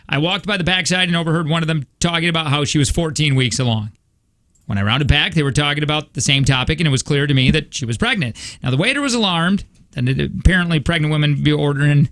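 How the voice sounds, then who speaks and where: A man's voice: a little high, a bit bright. A man hosting a radio show, joking around and reading a story aloud with asides.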